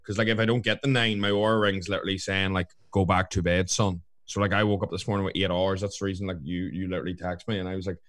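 A man's voice: sits low, little pitch movement, fast, hardly any pauses, fairly bright tone, no room sound, clean studio sound. A young man co-hosting a podcast, chatting casually in a rambling way, swearing and saying "like" a lot. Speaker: podcast co-host. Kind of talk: casual chat.

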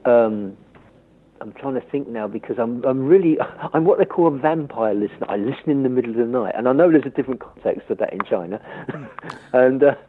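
A man's voice: medium pitch, a little fast, a little hiss or hum. A man with a London accent chatting on the phone as a guest, joking about himself and laughing often. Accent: London English. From London, England. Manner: jokey and self-mocking, laughs often. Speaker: radio listener guest. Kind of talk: casual phone chat. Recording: tinny phone line.

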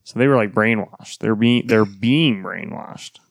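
A man's voice: on the low side, measured pace, gravelly, no echo, studio quality. A man co-hosting a podcast, arguing his views casually and swearing now and then. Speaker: podcast co-host. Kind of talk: casual chat.

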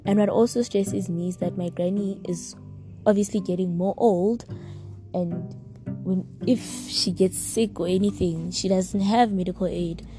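A woman's voice: medium pitch, steady tone, measured pace, mellow, poor audio. Heartfelt young woman. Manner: heartfelt, reflective, openly emotional. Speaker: podcaster. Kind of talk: casual personal podcast monologue. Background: guitar music.

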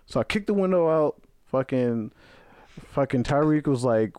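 A young man tells a wild story on a podcast. His voice sits in a middle pitch, and the close, dry mic gives it no room sound. He talks loosely and swears a lot, jumping into other people's voices as he goes. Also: normal speed, no echo. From Brooklyn, New York. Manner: animated, profane, acts out quoted voices. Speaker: podcast guest. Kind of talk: casual storytelling chat.

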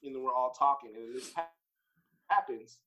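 A man's voice: mid-range voice, brisk, sharp tone, low-quality recording. A man telling a story in a casual, blunt, profane way, acting out his own reactions as he goes.

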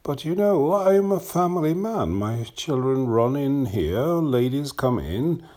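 A man's voice: mid-range voice, sing-song, a little slow, mellow, pitched above the performer's own voice. A man reading a story aloud, voicing a middle-aged family doctor who hesitates and mutters in embarrassment. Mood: flustered.

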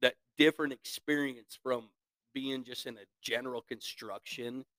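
A man in his thirties, an equipment operator guesting on a podcast, recounts war stories in loose conversation, swearing a lot, laughing, and mimicking others' words. His voice is medium-pitched with fairly even intonation, a fairly bright tone, and a moderate pace, in a dry recording.

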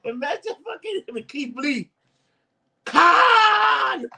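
A young man co-hosting a casual podcast, excitable and profane, often breaking into exclamations. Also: very high voice, normal speed. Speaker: podcast co-host. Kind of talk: casual wrestling chat.

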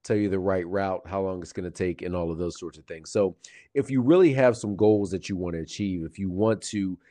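A man as a guest financial advisor, giving steady, measured interview answers with occasional fillers and restarts. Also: low voice.

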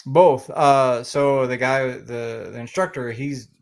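A man's voice: mid-range voice, fairly even intonation, slow pace, gravelly. A man from Oklahoma with a slight Oklahoma accent, a podcast guest chatting casually and rambling with many fillers and restarts. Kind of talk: casual interview chat.

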